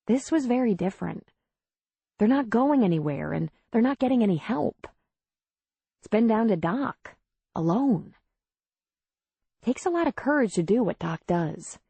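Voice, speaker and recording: A woman's voice: medium pitch, animated, a little slow, gravelly, pauses often, warm tone, breathy edge, no echo, pitched above the performer's own voice, exaggerated voice. A woman voicing a candid, earnest widowed midwife from the city in an audiobook.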